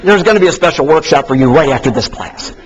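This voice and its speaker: A man teaching a live seminar class in an animated, joking way, swinging between emphatic and soft delivery. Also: fairly high pitch, fast talker, slight background noise. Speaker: sales trainer. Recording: dull lo-fi recording.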